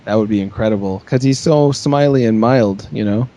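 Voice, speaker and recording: A man hosting a casual comedy podcast, playful and quick to laugh, riffing on his co-hosts' jokes. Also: lowish voice, dark tone, lo-fi sound. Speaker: podcast host.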